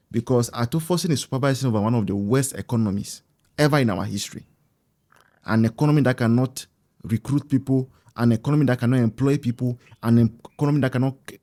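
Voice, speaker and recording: A man's voice: mid-range voice, darkish tone. A man with a Ghanaian English accent hosting an online political show, talking rhetorically and slipping in Twi phrases. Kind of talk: political commentary to camera.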